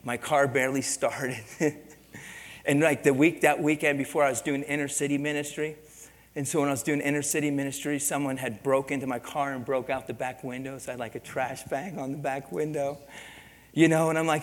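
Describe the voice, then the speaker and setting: A middle-aged man preaching a sermon as a pastor, telling a story with lively energy and breaking into shouts. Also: medium pitch, brisk. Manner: animated storytelling, bursts into shouting. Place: church sanctuary. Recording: long reverb of a church hall.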